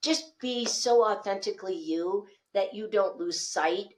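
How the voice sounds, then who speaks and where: A woman speaking coach, a guest on a podcast, telling animated stories and acting out the dialogue. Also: medium pitch, unhurried. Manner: animated storyteller, acts out quoted dialogue. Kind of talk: lively podcast conversation.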